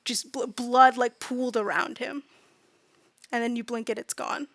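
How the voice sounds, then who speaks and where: A woman's voice: on the high side, steady tone, a little slow, fairly bright tone, dry recording. Dry, casual woman game master. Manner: casual, filler-heavy descriptive narration. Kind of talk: narrating a tabletop game.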